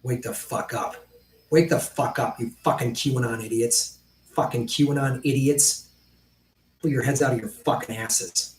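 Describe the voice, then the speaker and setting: Male political streamer, higher-pitched, blunt and profane, roomy and slightly distant sound. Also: steady tone, moderate pace, a little hiss or hum. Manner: blunt, profane, talks directly to chat viewers. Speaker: political livestream host. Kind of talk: livestream commentary.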